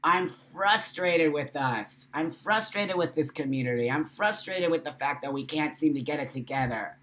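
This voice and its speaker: A man's voice: a little high, moderate pace, few pauses, pushed and bright. Passionate blunt man hosting a livestream. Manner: passionate, blunt, swears freely; emotional after crying. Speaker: live show host. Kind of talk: casual livestream talk.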